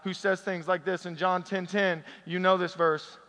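A man preaching a sermon as pastor, swinging between loud emphatic lines and soft, intimate passages. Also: sits high, unhurried. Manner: energetic, rising to loud emphasis then dropping soft and intimate. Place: church sanctuary. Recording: long hall reverb.

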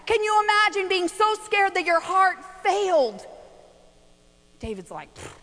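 A middle-aged woman preaching a sermon, telling a family story with lots of animation, hushed at times and shouting at others. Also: very high voice, sing-song, unhurried. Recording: long reverb of a large hall.

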